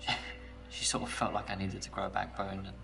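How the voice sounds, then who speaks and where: A man's voice: sits low, completely flat delivery, brisk, creaky, heavily acted. An actor playing a shy, mild-mannered male schoolteacher on a blind date, talking hesitantly with little stammers. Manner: hesitant, soft-spoken, stammering. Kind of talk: dating game dialogue. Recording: distant game audio with faint music.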